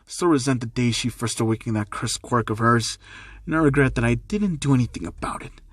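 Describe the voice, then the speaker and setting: A man's voice: medium pitch, brisk, no echo, natural voice. A man voicing a bitter, hostile middle-aged father who speaks with open contempt, in a dry-sounding recording. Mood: scornful. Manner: contemptuous, scornful.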